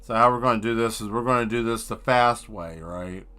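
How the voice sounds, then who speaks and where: Bright-voiced man riffing jokes on stream. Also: medium pitch, brisk, smooth, soft background music. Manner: rambling, joking riffs. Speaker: streaming artist. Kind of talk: live-stream chat while drawing.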